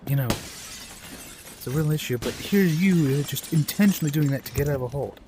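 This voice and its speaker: A man ranting casually and bluntly about food while playing a game, with quick asides and apologies. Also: fairly high pitch, lively intonation. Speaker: gameplay streamer. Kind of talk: casual rambling rant while gaming. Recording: noisy home recording.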